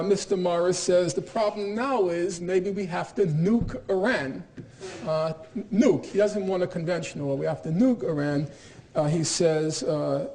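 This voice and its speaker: A man's voice: high-pitched, a little mellow. Man giving an emphatic lecture. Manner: emphatic, argumentative, with pointed irony. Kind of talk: university lecture. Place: lecture hall.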